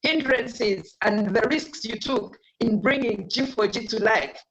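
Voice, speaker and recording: A woman's voice: on the high side, a little slow, a bit bright. A woman hosting a panel, encouraging, thanking and introducing the speakers. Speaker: event host. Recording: dull lo-fi sound.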